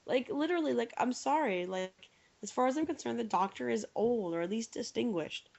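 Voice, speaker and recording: A woman's voice: fairly high pitch, fairly quick, creaky, a little mellow. Chatty young woman, lo-fi sound. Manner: chatty, joking, full of "like". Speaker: podcast co-host. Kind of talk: casual chat. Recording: dull lo-fi podcast audio.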